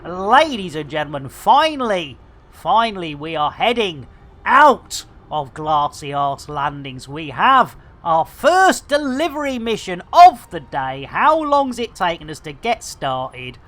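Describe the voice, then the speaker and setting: Jokey woman streamer, lively voice. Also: fairly low pitch, a little slow. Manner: jokey, rambling, repeats catchphrases. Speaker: game streamer. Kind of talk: game livestream commentary.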